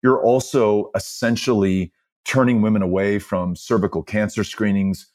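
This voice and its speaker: A man's voice: lowish voice, fairly even intonation, a little mellow. A man from Texas, a political candidate, telling stories as an interview guest in an earnest, impassioned way. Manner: earnest storytelling, measured and impassioned. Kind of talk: conversational interview.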